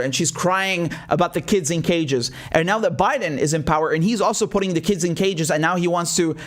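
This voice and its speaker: A man delivering a heated, sarcastic political opinion monologue as host of his own show. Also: sits high. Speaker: political commentator.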